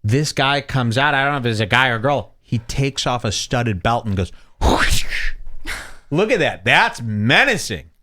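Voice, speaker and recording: A man hosting a podcast, casually reacting to a video clip in an animated, excitable way, laughing often. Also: mid-range voice, unhurried. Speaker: podcast host.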